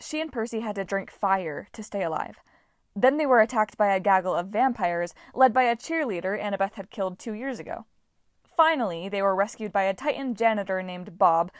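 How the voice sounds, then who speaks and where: A woman narrates an audiobook with a lively, expressive delivery. Her voice sits in a middle pitch. The recording is dry, close and free of room sound. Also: dry recording.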